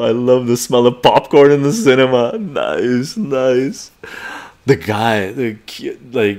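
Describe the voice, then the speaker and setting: A man's voice: on the low side, darkish tone. A man in his forties, a live stream host, telling a story casually, laughing often and swearing freely.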